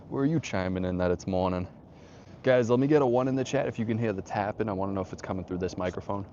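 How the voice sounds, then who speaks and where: A man's voice: deep voice, a little mellow, highs cut off, a little hiss or hum. A young man hosting a casual outdoor livestream, greeting viewers in laid-back slang. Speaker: livestream host. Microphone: phone on tripod.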